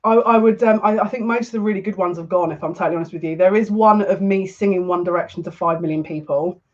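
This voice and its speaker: A man's voice: sits high, fast. A man giving a live oracle card reading in a chatty, teasing, jokey way. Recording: muffled lo-fi audio.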